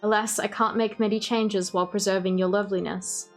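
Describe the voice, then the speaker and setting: A woman's voice: mid-range voice, a little fast, soft background music, close to an everyday voice. A woman reading as a cold obsessive doctor. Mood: gloating. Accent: Australian. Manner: calm, formal, softly menacing. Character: cold obsessive male doctor doll-maker.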